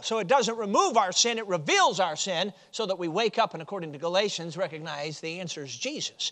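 Guy from chicago preaching, high bright voice, loud then soft. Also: expressive, fairly quick. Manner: swings from loud emphasis to quiet drops, with chuckles. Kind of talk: sermon.

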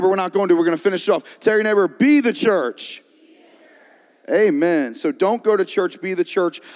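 Male pastor, energetic sermon, slightly high voice, long hall reverb. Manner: energetic call-and-response preaching. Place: church sanctuary.

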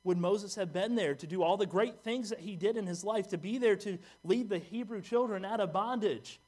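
A man's voice: high-pitched, normal speed, darkish tone. A man preaching a sermon in a church, reading scripture aloud and talking to the congregation in a conversational way, asking them questions and making joking asides. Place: church sanctuary.

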